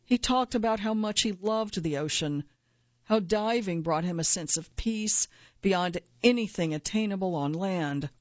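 A woman reading her own first-person nonfiction essay aloud in a measured, earnest way, at times quietly angry. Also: medium pitch, no echo, highs cut off.

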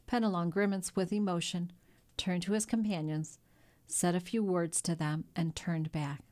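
Low-voiced woman narrating a classic novel. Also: steady tone, normal speed, a little mellow. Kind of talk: audiobook narration.

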